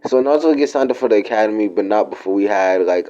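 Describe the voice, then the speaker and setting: A man's voice: fairly low pitch, expressive, fast, hardly any pauses, warm tone, lo-fi sound. A man telling a made-up story in a rambling, slangy, profane way. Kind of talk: casual fan-fiction storytelling.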